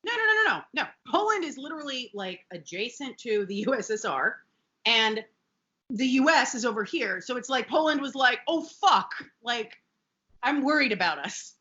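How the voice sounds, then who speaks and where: Lively bright-voiced woman, lo-fi podcast. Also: fairly high pitch, moderate pace. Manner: animated, laughing, profane asides. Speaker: podcast co-host. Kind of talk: casual recap chat.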